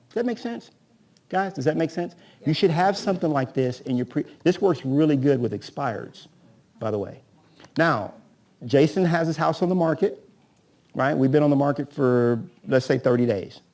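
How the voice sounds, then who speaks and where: A man's voice: medium pitch, mellow. A man coaching a live seminar audience, tossing in rhetorical questions and acting out his talks with sellers. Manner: rhetorical, keeps asking "right?"; acts out agent-seller dialogues. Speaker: real estate coach.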